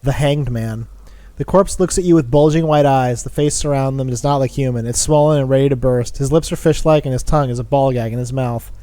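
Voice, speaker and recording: A man's voice: mid-range voice, brisk, warm tone, no room sound. Man reading game text, dry sound. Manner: reads game text aloud with playful asides. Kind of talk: casual let's-play narration.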